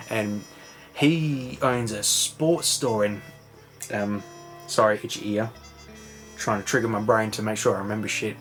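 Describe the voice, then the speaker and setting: A man's voice: lowish voice, fairly even intonation, measured pace, pauses often, fairly bright tone, faint music behind. A man rambling through a casual recap, full of fillers and swearing. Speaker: vlogger. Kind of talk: casual late-night recap chat.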